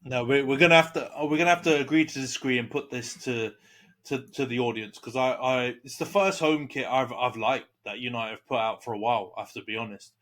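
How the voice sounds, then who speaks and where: A man's voice: mid-range voice, fairly even intonation, a little fast, a bit bright. A young man co-hosting a casual football podcast, often stumbling over repeated words. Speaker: podcast co-host, Man Utd fan. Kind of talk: casual banter about football.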